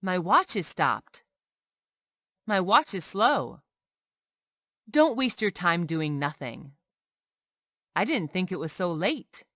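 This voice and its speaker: A woman reading short everyday English phrases aloud one by one, clearly and carefully, as a language lesson. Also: lowish voice, very animated, slow pace, pauses often, bright, forceful tone, no echo, studio quality. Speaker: English teacher.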